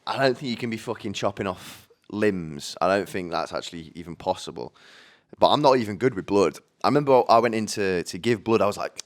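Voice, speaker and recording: A man's voice: fairly low pitch, lively intonation, fairly quick. A man hosting a solo podcast, rambling chattily into a microphone with many restarts and casual swearing. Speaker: podcast host. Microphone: studio microphone.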